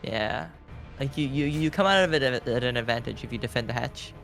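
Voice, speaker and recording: A man casting a live strategy game, chatty and quick with asides. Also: mid-range voice, gravelly, a bit bright, soft background music. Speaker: esports caster.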